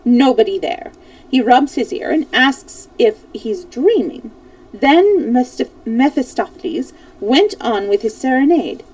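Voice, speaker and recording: A woman reading a classic novel aloud as a storyteller on a live stream, expressive, stumbling now and then over names. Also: a little high, far from the mic, low-quality recording.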